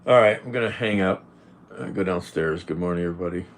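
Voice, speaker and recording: Livestreaming from home, a man reads his chat and talks casually, rambling and firing blunt replies at viewer comments. His voice is low and quick, with a slight hiss or hum in the audio.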